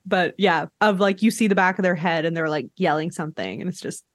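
A woman hosting a podcast, chatting casually about a reality show, animated and often laughing. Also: a little fast, no room sound, studio quality. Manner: animated, laughs often, acts out quotes in high voices. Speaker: podcast host.

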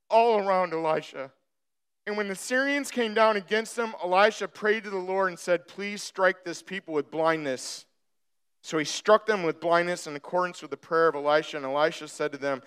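Guy preaching, acts out the bible story, kinda high voice, real smooth. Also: normal speed. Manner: animated storytelling, acting out the scripture. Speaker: pastor. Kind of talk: sermon.

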